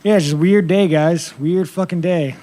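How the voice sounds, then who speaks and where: A man's voice: a little high, normal speed, mellow. A man fielding reporters' questions at a post-fight press conference, blunt and rambling, swearing constantly and laughing at himself.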